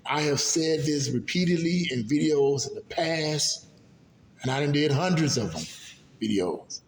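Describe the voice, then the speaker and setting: A man giving casual political commentary for his video channel, talking in an impassioned, rambling way and repeating himself. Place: hallway. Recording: echoey hallway, faint rumble.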